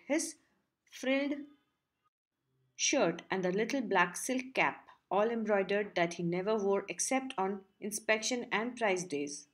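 A woman narrating a textbook story as an audiobook, in a steady, clear reading. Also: mid-range voice.

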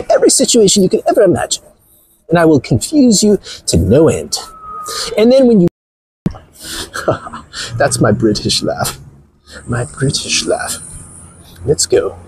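A man's voice: fairly high pitch, slight background noise. A man hosting a livestream while walking outdoors near the ocean, talking in a mocking, playful way and laughing often. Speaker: livestream host. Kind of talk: joking livestream chatter.

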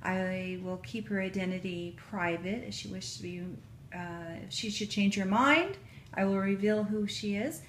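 A woman vlogging an unboxing at home, gushing and emotional, with drawn-out breathy exclamations. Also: mid-range voice, a bit bright, slight background noise, rough recording. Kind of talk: casual unboxing vlog. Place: home kitchen counter. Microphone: camera on tripod.

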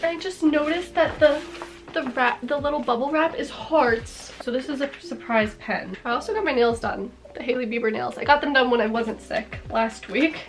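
Bubbly young woman with a cold. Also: high voice. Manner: bubbly and gushing, lots of "like" and "are you kidding me". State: congested with a cold. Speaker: vlogger. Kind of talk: casual haul vlog.

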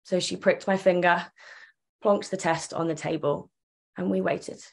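A woman's voice: on the low side, fairly even intonation, unhurried, gravelly. A young woman tells her own story earnestly and emotionally, acting out the remembered dialogue. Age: young adult. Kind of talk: personal storytelling.

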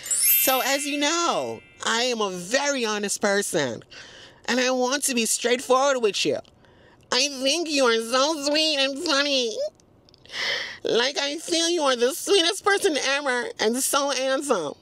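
A man reading out a text in a sweet, gentle, mocking voice as a polite young man turning someone down. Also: lively intonation, unhurried, exaggerated voice. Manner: sugary, gentle, high and mocking.

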